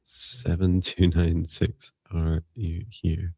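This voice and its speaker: A man's voice: low voice, completely flat delivery, creaky, dark tone, husky, no echo. A man co-hosting a live psychic reading stream, playful and joking with his co-host in casual chat. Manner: playful and joking, with quick teasing asides.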